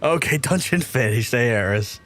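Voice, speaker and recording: A man's voice: mid-range voice, lively intonation, a little slow, a bit bright, faint music behind. A man live-streaming a game, ranting angrily at his chat with lots of swearing. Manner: angry, profane ranting.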